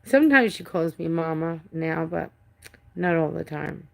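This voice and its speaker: A woman's voice: low-pitched, animated, unhurried, gravelly. A middle-aged woman hosting a casual live stream from home, rambling, restarting sentences and swearing now and then. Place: home with a cat.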